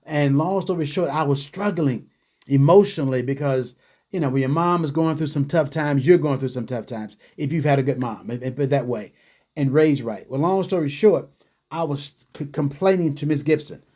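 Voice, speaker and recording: A man hosts a radio talk show in a casual, conversational way. His voice sits a little higher than most men's, and he tells personal stories with animated restarts and fillers. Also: normal speed. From New York City.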